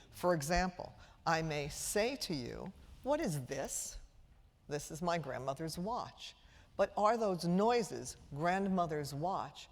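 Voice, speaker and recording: Middle-aged female lecturer, Brooklyn-raised, low voice, theatrical and witty with the crowd, reverberant auditorium. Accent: trained-out Brooklyn New York. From Brooklyn, New York. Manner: theatrical, engages the audience with questions and humor. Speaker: speech-language pathologist giving a lecture. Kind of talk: public lecture to parents. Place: large auditorium before a live audience. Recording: lecture hall with long reverb.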